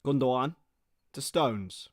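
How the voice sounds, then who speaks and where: A young man giving excitable live football play-by-play on a stream, his voice starting to go hoarse, greeting viewers between plays. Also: mid-range voice, takes it slowly, no room sound, studio quality. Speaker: football watchalong host.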